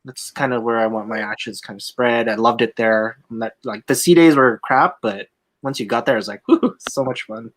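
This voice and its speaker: A man hosts a relaxed podcast chat in a middle-pitched voice. He talks loosely, stringing thoughts together with plenty of fillers. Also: moderate pace. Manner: loose, laid-back, lots of fillers. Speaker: podcast host, casino dealer. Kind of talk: casual chat.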